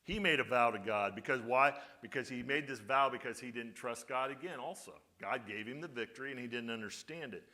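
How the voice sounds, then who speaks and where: Bright-voiced male pastor preaching. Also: mid-range voice. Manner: conversational preaching with rhetorical questions to the congregation. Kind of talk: sermon.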